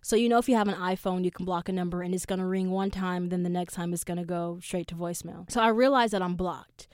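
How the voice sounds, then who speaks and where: A young woman hosting a podcast, telling a story in a casual, animated and profane way. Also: on the low side, fast talker, no room sound, clean studio sound. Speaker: podcast host.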